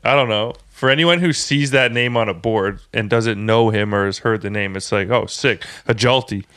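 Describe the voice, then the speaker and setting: A man's voice: on the low side, normal speed, fairly bright tone, clear, resonant tone. A man co-hosting a podcast, joking and teasing in a casual chat, swearing freely. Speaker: podcast co-host.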